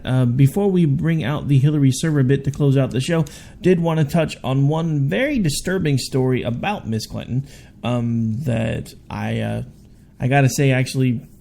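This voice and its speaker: A man's voice: medium pitch, creaky, mellow. A man hosting a political talk radio show, talking through his views in a conversational, hedging way. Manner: conversational, hedging, frequent restarts.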